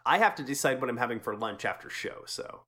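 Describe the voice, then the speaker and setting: A man hosting a casual gaming podcast, congested and a bit gravelly, sardonic and swearing freely. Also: mid-range voice, animated, quick pace, sharp tone. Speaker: podcast host.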